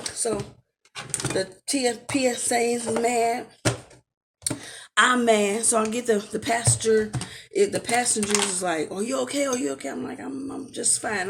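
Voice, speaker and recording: A woman, casually telling a storytime, animated and acting out the quotes. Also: medium pitch, a little hiss or hum. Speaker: storyteller vlogger.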